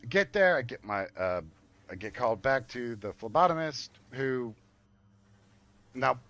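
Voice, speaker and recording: A man's voice: medium pitch, measured pace. A man telling a story in a casual way while gaming. He swears a lot and acts out the people in his story. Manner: animated, profane, acts out quoted dialogue.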